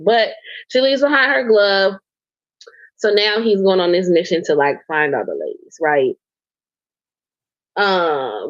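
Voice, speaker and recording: A woman's voice: lowish voice, no echo, highs cut off. A woman co-hosting a podcast, recapping a show in loose casual chat, swearing and laughing as she rambles with fillers. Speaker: podcast co-host.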